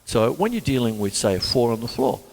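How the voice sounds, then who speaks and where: A man hosting a drum show, teaching in a casual, chatty way and counting beats out loud. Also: mid-range voice, fairly quick. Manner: animated, counts beats aloud in rhythm. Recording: long reverb with drum music behind.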